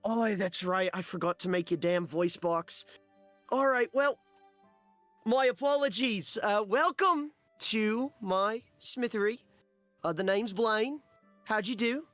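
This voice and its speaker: A man voicing a huge blacksmith made of fire and rock, loud and blunt with brash outbursts. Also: sits high, slow, dry recording, soft background music, pitched above the performer's own voice. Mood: welcoming.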